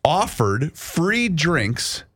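A man's voice: a little high, sing-song, a bit bright. A middle-aged man, hosting a casual chat and telling a story at an easy pace. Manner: chatty storyteller, reads ad plugs quickly. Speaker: radio show host.

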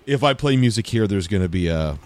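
Canadian male co-host, low-ish, swears freely, drifts off mid-sentence. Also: animated, brisk, dry recording. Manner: swearing, trailing off. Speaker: podcast co-host. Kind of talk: casual chat.

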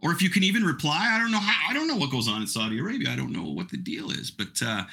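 A man's voice: fairly high pitch, animated, racing, creaky, pushed and bright, slightly rough. A middle-aged man hosting a podcast, chatting casually in a rambling, self-mocking way. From Canada. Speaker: podcast host. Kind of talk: casual chat.

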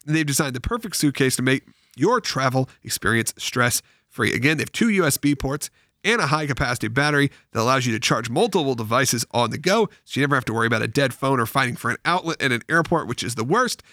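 Animated bright-voiced male podcast host. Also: mid-range voice, quick pace, no echo, studio quality. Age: adult with school-age children. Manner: animated, jokey ad reads. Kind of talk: casual chat and host-read ad.

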